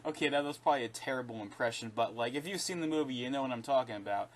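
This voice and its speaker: A man's voice: mid-range voice, quick pace, hardly any pauses, slight background noise. A man giving a casual, opinionated spoken review, rambling and often correcting himself mid-sentence. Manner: rambling, with frequent restarts and self-corrections; animated and opinionated, laughing between points. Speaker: video reviewer.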